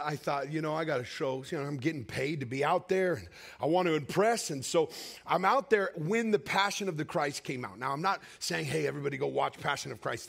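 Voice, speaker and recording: A man preaching a sermon, telling a personal story with emotional swings between raised cries and hushed, quiet passages. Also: gravelly, slightly rough. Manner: emotional storytelling with sweeping highs and hushed lows.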